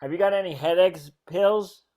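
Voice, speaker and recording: A man's voice: high-pitched, normal speed, mellow, lightly acted. A man reading a hungover twenty-eight-year-old from Boston, groaning and miserable, in an amateur script read.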